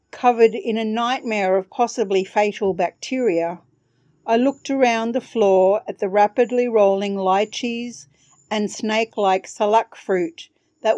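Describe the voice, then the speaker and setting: A woman's voice: medium pitch, darkish tone, no room sound, dull audio. A woman podcast host reading her own travel story aloud with wry humor.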